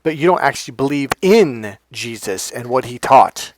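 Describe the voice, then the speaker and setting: A man's voice: mid-range voice, expressive, moderate pace, slight background noise. A middle-aged man coaching in a spontaneous, emphatic monologue, acting out the dialogue in his stories. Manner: emphatic, storytelling, acts out quoted dialogue. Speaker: self-help coach.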